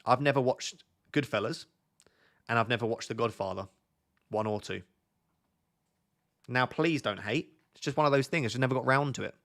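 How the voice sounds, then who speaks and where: This is a young man, chatting into a desk mic during a live stream. He speaks at a middle pitch and keeps the tone loose and jokey, often restarting lines as he thinks aloud. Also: moderate pace, pauses often, fairly bright tone. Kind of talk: live stream chat with viewers.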